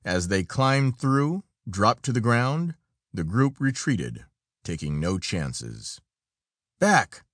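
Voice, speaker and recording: A male narrator reads an adventure story in a dramatic storytelling style. His pitch rises and falls a great deal, and the recording is dry and close with no room echo. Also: sing-song, slow pace. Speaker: audiobook narrator. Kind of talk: scripted narration.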